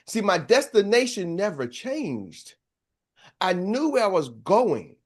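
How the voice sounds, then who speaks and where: A middle-aged sales coach takes it slowly, his high voice very animated. He preaches through storytelling in a motivational talk, calling out to the people listening.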